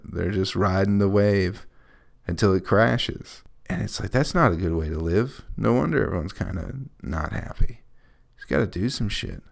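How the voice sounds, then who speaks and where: A man's voice: fairly low pitch, gravelly. A young man, a comedian, talking through a casual, profane, scattered podcast monologue with a wry edge.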